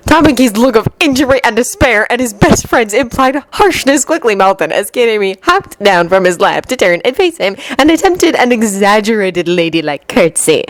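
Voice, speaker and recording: Woman narrating expressively. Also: on the high side. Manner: lively, expressive reading. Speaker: fanfiction reader. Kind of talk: audiobook narration.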